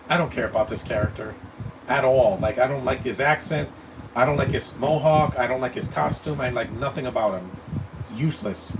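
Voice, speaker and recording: A man's voice: mid-range voice, normal speed. A man giving live movie commentary, blunt and opinionated, rambling and stammering over his words. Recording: distant mic with air-conditioning hum.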